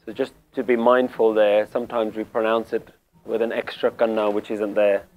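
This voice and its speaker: A man teaching Sikh scripture, explaining word meanings calmly and deliberately, repeating key phrases. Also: on the low side, phone-quality sound. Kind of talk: slow spiritual explanation.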